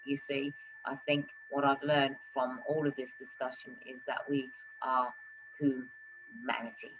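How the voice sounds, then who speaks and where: A woman hosting a live talk stream, talking casually and turning loud and animated when she presses a point. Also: very deep voice, a little slow, dull audio, noisy background. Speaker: host of a live talk show.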